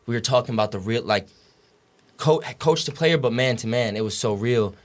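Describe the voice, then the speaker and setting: A young man who plays college basketball tells stories on a podcast in a mid-range voice at a fairly quick pace. The casual interview talk wanders, full of slang, heavy swearing and fillers like "you know what I'm saying".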